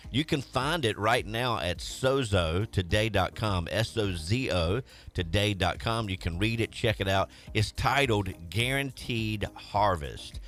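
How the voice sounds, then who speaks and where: A man's voice: lowish voice, animated, a little slow, few pauses, fairly bright tone. Chatty man hosting morning radio. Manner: chatty, joking, rambling with restarts. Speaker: radio morning show host. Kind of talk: casual morning radio chat.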